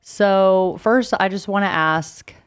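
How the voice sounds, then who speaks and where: A woman's voice: mid-range voice, slow pace, clear, resonant tone. A woman, a hairstylist co-hosting a podcast, chatting casually and often rephrasing herself as she talks.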